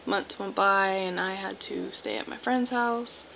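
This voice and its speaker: Young woman vlogger, mid-pitched and gravelly with fry, casual rambling storytime delivery. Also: a little slow, fairly bright tone, a little hiss or hum, rough recording. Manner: rambling, filler-heavy, laid-back.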